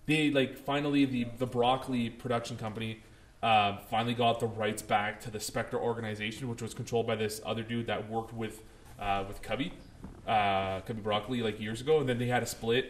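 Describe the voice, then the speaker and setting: A young man co-hosting a podcast in a casual chat, animated and swearing freely, often mimicking others. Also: mid-range voice, brisk. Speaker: podcast co-host.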